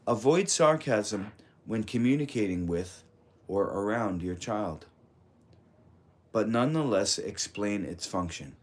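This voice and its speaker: A man reading a parenting audiobook in a calm, measured, instructive way. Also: lowish voice. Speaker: audiobook narrator. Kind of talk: scripted audiobook narration.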